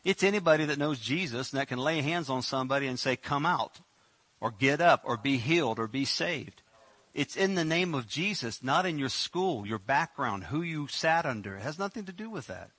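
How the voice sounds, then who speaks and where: Jokey preacher, bright voice. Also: male voice, mid-range voice, slightly rough, no echo. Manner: jokey, animated, acts out Bible scenes. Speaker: pastor. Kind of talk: sermon.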